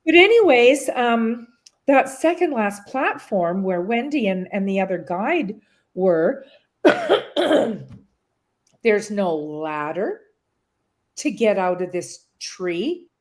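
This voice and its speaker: A middle-aged woman speaks as a guest, easing through a dramatic memory at an unhurried pace. She rambles, restarts and comes back to points. Her voice sits in a mid register. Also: medium pitch, expressive. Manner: rambling, full of restarts, emotional retelling. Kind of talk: personal story in an interview.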